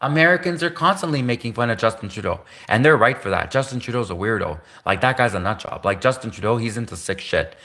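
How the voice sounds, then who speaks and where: A man's voice: medium pitch, animated, fast, hardly any pauses, pushed and bright. A man from Canada on a livestream, rambling through a monologue with restarts, self-corrections and half-jokes.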